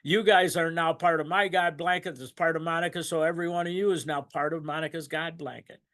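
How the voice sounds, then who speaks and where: A man's voice: fairly high pitch, fairly even intonation, brisk, fairly bright tone. An older man giving a rambling, emotional personal testimony at a recovery meeting, laughing and choking up as he goes. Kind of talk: personal testimony, casual storytelling.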